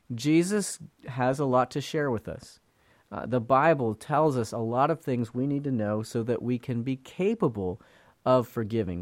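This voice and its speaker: A man's voice: mid-range voice, dry recording, studio quality. A man hosting a Bible teaching program, talking earnestly and conversationally with fillers and small restarts.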